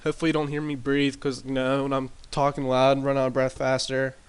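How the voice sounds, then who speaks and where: A man's voice: mid-range voice, monotone, a little fast, smooth. Rambling man recapping a wrestling sim. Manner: rambling, filler-heavy recap. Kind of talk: casual commentary over gameplay. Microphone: desk mic with boosted gain.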